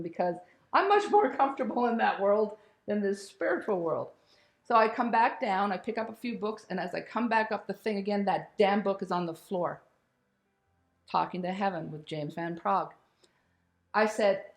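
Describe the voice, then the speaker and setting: In a roomy, echoing space, a woman shares a personal spiritual story with candid animation, swearing casually and laughing along the way. Her voice is mid-range and her pace moderate.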